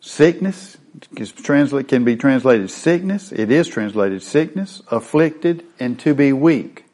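A man's voice: mid-range voice, animated, measured pace, a little mellow. Man teaching a sermon on Hebrew words. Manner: explains Hebrew word meanings step by step. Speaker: Bible teacher.

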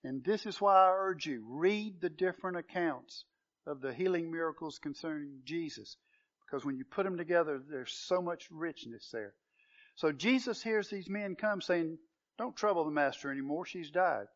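A man's voice: a little high, animated, moderate pace, fairly bright tone. A man preaching a sermon to a congregation, earnest and questioning, building to emphatic proclamation. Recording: dull lo-fi sound.

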